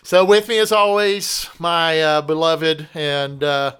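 A man's voice: fairly high pitch, flat delivery, slow, fairly bright tone, smooth. A man co-hosting a podcast in casual, rambling, joking chat. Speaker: podcast co-host.

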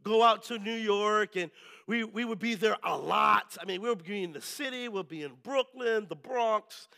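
A male pastor preaching a sermon, telling lively stories and often checking in with the congregation. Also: high voice, normal speed, creaky. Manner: lively storytelling, keeps asking the crowd "right?".

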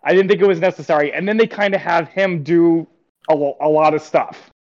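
A man co-hosting a casual chat about an animated film, rambling with many fillers and restarts. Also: a little high, fairly quick, muffled recording. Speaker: podcast co-host.

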